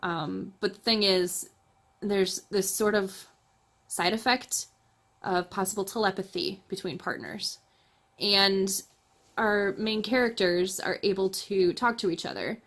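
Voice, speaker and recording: A woman's voice: medium pitch, steady tone, unhurried, fairly bright tone. A woman hosting her channel, chatting casually about books she read, laughing often and correcting herself as she goes. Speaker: book reviewer, channel host. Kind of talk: casual book review chat.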